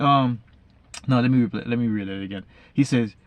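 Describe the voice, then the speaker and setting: A man reading Bible verses slowly, then retelling each one casually in everyday slang. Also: mid-range voice, lively intonation, dry recording. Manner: frequent fillers and restarts, says basically a lot. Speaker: Bible reader and explainer. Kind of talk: casual Bible study talk.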